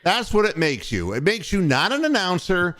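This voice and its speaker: With a high voice and wildly swooping pitch, a bit bright and at normal speed, an older man hosts a casual sports talk podcast. He rambles through profane stories from the years he ran a radio station.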